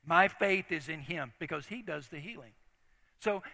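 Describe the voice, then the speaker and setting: A man's voice: a little high, moderate pace, gravelly, sharp tone. An older man preaching a sermon as a story, talking in an earnest, conversational way with frequent restarts. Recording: long reverb of a large hall.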